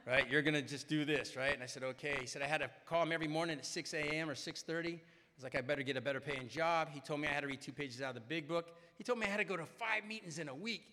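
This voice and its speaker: Bright-voiced man telling his story in a hall. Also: fairly high pitch, racing, slight background noise. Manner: rambling and self-mocking, keeps asking "right?". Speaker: speaker at a recovery meeting. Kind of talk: humorous personal storytelling to a crowd. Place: large meeting hall. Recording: reverberant hall.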